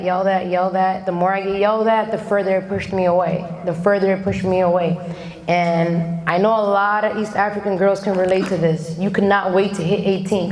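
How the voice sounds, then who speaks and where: A woman's voice: mid-range voice, a little mellow. A woman in her thirties from Somalia giving a candid, chatty motivational talk to young people and acting out the voices of family and friends. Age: 30s. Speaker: motivational speaker. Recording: echoey hall.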